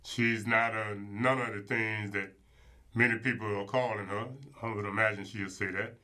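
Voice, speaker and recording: A man's voice: lowish voice, flat delivery, moderate pace, bright, forceful tone. A man giving opinionated casual commentary as show host, emphatic and colloquial, repeating words for stress.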